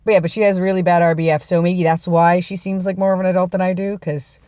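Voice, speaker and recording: A woman's voice: fairly low pitch, level tone, quick pace, dry recording, studio quality. A young adult woman telling rambling, self-deprecating stories in a casual vlog. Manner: rambling, self-deprecating, drops to a hush for quoted lines. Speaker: vlogger.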